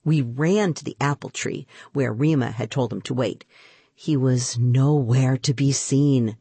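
A woman reading a children's storybook aloud in an expressive, unhurried way. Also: extremely low pitch, vocal fry, breathy edge, no room sound.

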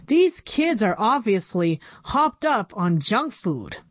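A woman reading aloud, voicing a blustering male school board president who shouts and demands answers. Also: mid-range voice, very animated, slow pace, breathy edge, dry recording, full character voice. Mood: angry shouting.

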